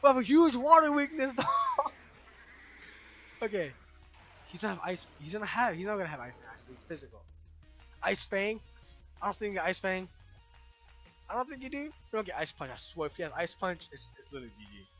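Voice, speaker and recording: High, animated young gamer man ranting. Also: fast, pauses often, slightly rough, faint music behind. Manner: exasperated, loud outbursts, slangy. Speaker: let's play host. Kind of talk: gaming commentary.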